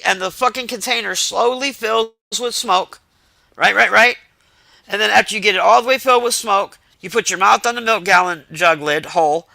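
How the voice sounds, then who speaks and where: A man telling profane, exasperated stories to his stream chat in a casual, animated rant. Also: sits high, vocal fry, no echo.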